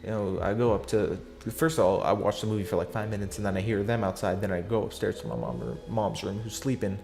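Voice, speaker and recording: A man's voice: lowish voice, fast talker, gravelly. A fourteen-year-old boy telling a story in a casual vlog, rambling with lots of fillers, slang and restarts. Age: teenager, fourteen.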